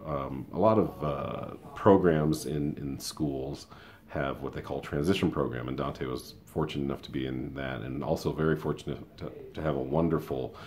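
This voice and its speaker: Very deep-voiced man in his fifties. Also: fairly even intonation, moderate pace, darkish tone. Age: 50s. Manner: rambling, conversational storytelling with many asides. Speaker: school paraprofessional and show host. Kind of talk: casual opinion monologue.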